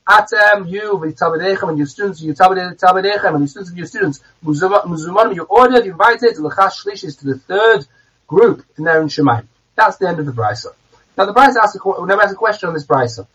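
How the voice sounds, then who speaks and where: A man's voice: high-pitched, lively intonation, fast talker, pushed and bright, husky. Guy teaching a text line by line, reads a bit then translates, stumbles and restarts, dull muffled sound. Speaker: Talmud teacher. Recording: distant, dull, muffled recording.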